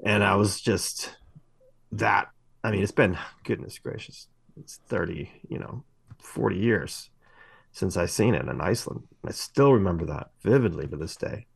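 A man's voice: sits low, normal speed, gravelly, slightly rough, no echo. A middle-aged man co-hosting a podcast, telling long rambling stories with many fillers and restarts. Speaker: podcast co-host. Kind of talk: casual podcast chat.

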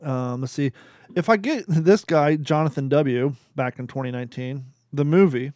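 A chatty man hosting a podcast, reading reviews aloud and laughing at his own jokes. His voice sits a little high and sounds close and dry, with no room around it. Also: moderate pace, a little mellow, dry recording. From Kentucky. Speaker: podcast host.

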